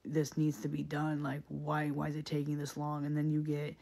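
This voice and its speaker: A man's voice: fairly high pitch, monotone, normal speed, creaky, darkish tone. A man in a casual, reflective monologue, speaking earnestly and often repeating himself with many fillers.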